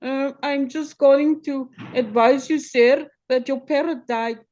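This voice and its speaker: Joke character: hesitant, apologetic male caretaker, read by a woman, high and a bit muffled. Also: fairly even intonation, a little slow, a little mellow. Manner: hesitant, stammering.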